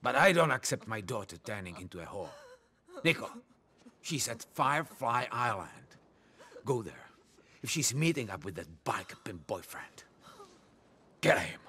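A volatile middle-aged mob boss. He talks with a bright, lively edge, muttering darkly one moment and barking the next. It plays like a tense video game cutscene. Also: medium pitch, moderate pace, long pauses. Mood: menacing. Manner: menacing, swings from brooding mutters to shouting.

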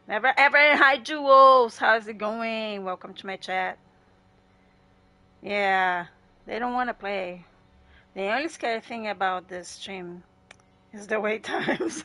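A woman's voice: a little high, bright, forceful tone. A woman chatting casually with her viewers while livestreaming gameplay. She laughs often and greets people in chat by name. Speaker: gaming livestreamer.

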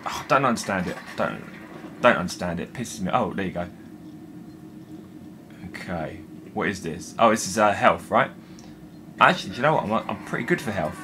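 A young man with a slightly low voice narrates his own horror-game playthrough. He mutters to himself, then yelps and swears when something startles him, all in an unscripted gaming-commentary way. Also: moderate pace, pauses often, background noise. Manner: jumpy and excitable, swearing and talking to himself. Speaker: gaming video host. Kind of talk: let's play commentary.

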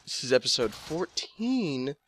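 A man giving casual, excitable commentary while playing a video game, swearing and thinking aloud. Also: mid-range voice, unhurried, slight background noise. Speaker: let's play gamer.

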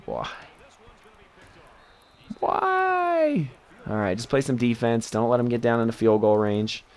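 A young man casually commentating his own football video game match, excitable and jumping to high yelps at big plays.

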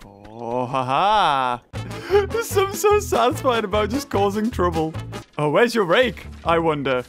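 A woman's voice: medium pitch, sing-song, unhurried, faint music behind. A woman giving playful, teasing commentary while playing a video game, often laughing and squealing at the characters. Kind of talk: casual let's-play commentary.

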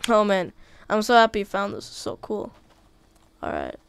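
A woman giving casual, chatty commentary while playing a video game, easily excited by what she finds. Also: mid-range voice, normal speed, smooth, dry recording. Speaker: gaming video creator.

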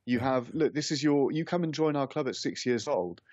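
A man working as a football pundit on a radio phone-in, talking in a measured, halting way as he thinks aloud. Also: medium pitch, lively intonation, a little mellow, no room sound, dull audio. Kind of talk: radio panel discussion.

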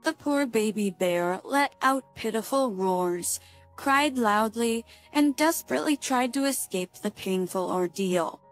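A woman narrating a dramatic story in an even, measured reading voice. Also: on the high side, faint music behind.

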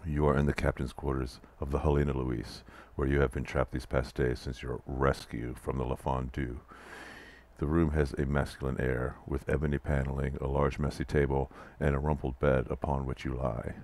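At a normal speed, a man with an extremely deep, low voice reads out the text of an interactive fiction game as a let's play player. His delivery of the passages stays even, and in between he offers wry, dry commentary on what's going on.

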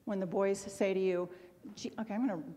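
Here the Missouri woman is middle-aged, her voice medium-pitched, steady and mellow, her pace quick. She is the guest speaker at an autism symposium, rambling through a humorous, candid talk full of jokes at her own expense, with the long echo of a big hotel ballroom around her.

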